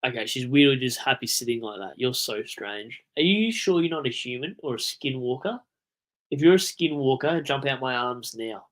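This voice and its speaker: A young Australian man with a blocked nose, chatting casually and rambling on a livestream, swearing and breaking into animated outbursts. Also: mid-range voice, moderate pace. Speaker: livestream host.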